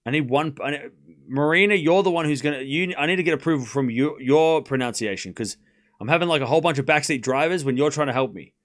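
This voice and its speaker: A man's voice: on the high side, fast talker. An Australian man hosting a live tennis watchalong, chatting casually and replying to his chat. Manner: playful, repeats words, responds to chat. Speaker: livestream host.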